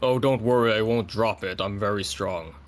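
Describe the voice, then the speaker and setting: A man's voice: on the low side, moderate pace, close to an everyday voice. A man playing a scarred, undead-looking male adventurer who deadpans boasts about his strength. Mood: boastful.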